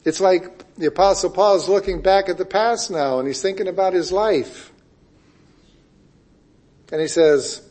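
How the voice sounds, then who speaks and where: Man, preacher, high-pitched voice, emphatic sermon delivery, loud and soft by turns. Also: measured pace, pauses often. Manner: emphatic, swings between loud and hushed.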